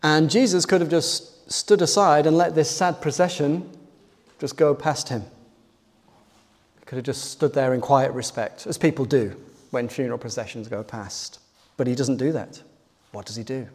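A man's voice: medium pitch, moderate pace, darkish tone. A man preaching a sermon, retelling a passage in an earnest storytelling manner with rhetorical questions. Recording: long hall reverb.

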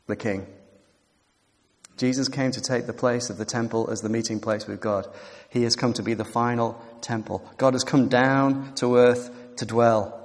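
A man preaching a sermon with animated emphasis, building to emphatic peaks and easing into quiet reflection. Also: mid-range voice. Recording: long hall reverb.

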